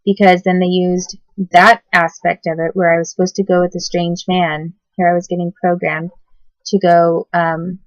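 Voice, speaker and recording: A woman with a lowish voice speaks haltingly, full of fillers and restarts. She sounds tired. The recording is dull, muffled and dry. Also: little pitch movement, no room sound. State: tired, yawning. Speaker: person telling her own story. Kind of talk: personal testimony to camera.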